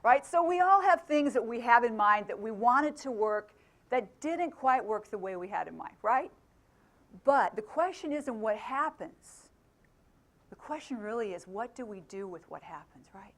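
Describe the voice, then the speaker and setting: A woman's voice: on the high side, animated, moderate pace. A middle-aged woman from England giving a motivational talk to a live audience. She keeps asking the crowd questions and laughs often. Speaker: motivational speaker.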